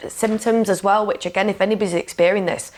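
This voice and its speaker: A woman's voice: medium pitch, fairly even intonation, fast talker. A woman speaking as a podcast guest and coach, telling a personal story frankly and emotionally, with lots of "like" and "you know". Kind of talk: candid conversational storytelling.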